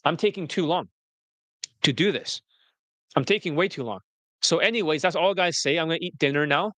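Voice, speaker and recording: A man with a bright, forceful voice that sits a little high for a man, recorded close and dry. He talks bluntly on a livestream, moving between casual chat and a polished marketer's pitch. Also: fairly quick, no room sound. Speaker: dating coach.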